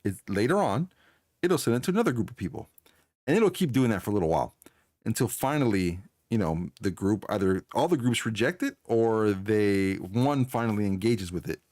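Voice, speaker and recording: A man's voice: lowish voice, expressive, fairly quick, a little mellow, dry recording, studio quality. A man chatting casually on a live stream, answering chat and laughing often as he tells a story.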